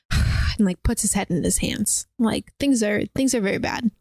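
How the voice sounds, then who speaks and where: A woman hosting a podcast, casually retelling a film in an animated way, acting out quotes and saying "like" a lot. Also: mid-range voice, unhurried, creaky, no room sound. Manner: animated, acts out quotes, lots of "like". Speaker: podcast host.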